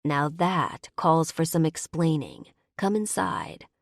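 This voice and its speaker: A woman's voice: expressive, slow, creaky, dry recording, studio quality, heavily acted. A woman voicing a possessive werebear man. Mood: commanding. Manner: low, commanding, teasing. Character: big possessive male werebear lover.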